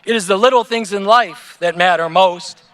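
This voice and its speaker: A male teacher from Ohio delivering a prepared commencement address at an outdoor stadium in an earnest, measured way. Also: high voice, fairly bright tone, clear, resonant tone. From Ohio, USA. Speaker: teacher giving commencement speech. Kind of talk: prepared ceremonial speech.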